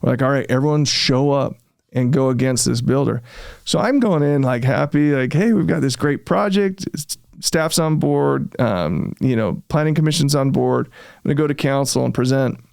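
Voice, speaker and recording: A man, a real estate developer being interviewed, telling his story in a casual, animated way and often acting out what he said at the time. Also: medium pitch, moderate pace, gravelly, dry recording, studio quality. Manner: animated, reenacts his own past remarks, frequent fillers.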